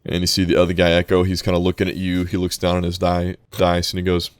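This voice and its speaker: A man narrating as game master of a tabletop role-playing game, casual and halting, with many fillers. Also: low voice, monotone, clear, resonant tone, no room sound.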